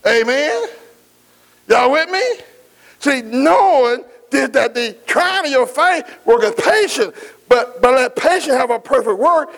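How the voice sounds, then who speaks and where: High-voiced preacher man. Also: fairly bright tone, rough recording. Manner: call-and-response preaching, drawn-out scripture quotes, folksy asides. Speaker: pastor. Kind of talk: sermon.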